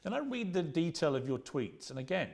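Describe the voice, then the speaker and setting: Pressing man in his fifties, lively pitch. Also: fairly quick, creaky. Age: 50s. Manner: interrupting, pressing, argumentative. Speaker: host. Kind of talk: confrontational interview.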